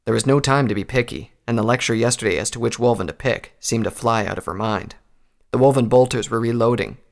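A man reading a fantasy battle story aloud as narrator, in a steady storytelling manner. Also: mid-range voice, gravelly. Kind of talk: scripted narration of fan fiction.

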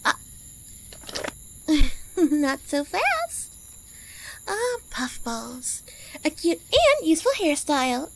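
Petite girlish-voiced woman for audio role-play, very high and swooping, taunting and unhurried. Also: big pitch swings, gravelly, rough recording. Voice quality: girlish, little-girl-sounding voice. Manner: mocking and teasing, with frequent laughs.

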